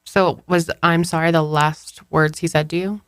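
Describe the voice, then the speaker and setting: A woman's voice: low-pitched, fairly even intonation, normal speed, a bit bright, smooth, no room sound. A woman co-hosting a podcast, asking curious, encouraging questions in a casual interview. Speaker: podcast co-host.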